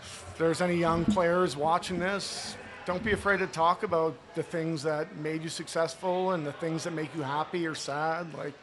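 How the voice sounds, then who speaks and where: A man's voice: fairly high pitch, steady tone, moderate pace. A man from Canada, a former hockey player, telling personal stories in an earnest, heartfelt way in a studio inside a sports bar. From Toronto, Canada. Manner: earnest, heartfelt storytelling with fillers. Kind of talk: casual interview chat.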